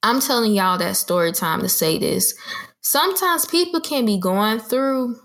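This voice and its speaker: A woman's voice: fairly high pitch, lively intonation, a little slow, a bit bright. A woman hosting a podcast, telling a personal story in an earnest, conversational way and often repeating herself. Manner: earnest, conversational, repeats phrases, addresses listeners as y'all. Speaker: podcast host. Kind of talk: casual storytelling monologue.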